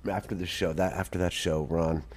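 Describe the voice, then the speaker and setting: Lively low-voiced man telling stories. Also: brisk, slight background noise. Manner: animated, restarts sentences, clears throat often. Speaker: stage actor and guitarist, interview guest. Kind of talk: casual anecdotal storytelling.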